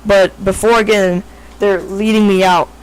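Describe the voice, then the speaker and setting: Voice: medium pitch, little pitch movement, normal speed, clear, resonant tone, low-quality recording. A speaker telling a made-up story in a casual, improvised way, rambling with lots of fillers and frequent self-corrections.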